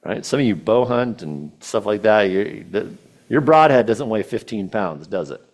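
A man's voice: on the low side, lively intonation, moderate pace. A man preaching a sermon, retelling a scripture story with casual asides and quoted verses.

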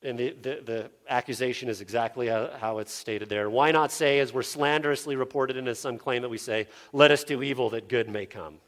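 An earnest male pastor working through a passage in a sermon. He sinks low and soft on scripture readings, then climbs higher and louder to mimic the objections he answers. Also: brisk, hardly any pauses. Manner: earnest, drops low for scripture and rises when voicing objectors. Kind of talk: expository sermon.

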